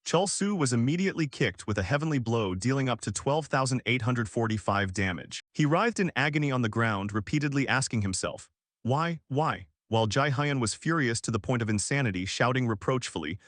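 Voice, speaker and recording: A man narrating a comic recap story in a steady, even reading. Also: mid-range voice, brisk, few pauses, dry recording, clean studio sound.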